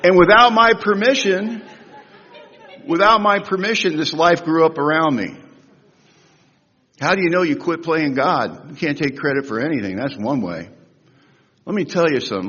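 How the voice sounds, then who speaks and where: A husky man in his sixties speaking at a recovery convention, telling humorous, animated stories with big swings in pitch and loudness. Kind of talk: storytelling talk at a recovery convention. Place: large convention hall. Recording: echoey hall, dull lo-fi sound.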